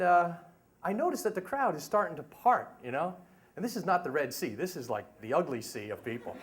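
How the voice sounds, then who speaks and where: A middle-aged man telling a humorous story live at a story slam, with chatty asides to the listeners. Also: sits high. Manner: animated, humorous, conversational asides.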